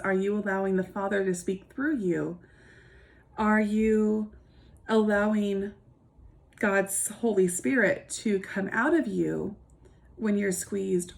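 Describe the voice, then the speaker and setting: A woman's voice: mid-range voice, a little mellow. A woman giving an earnest devotional reflection, speaking casually with restarts and asking her listeners many searching questions.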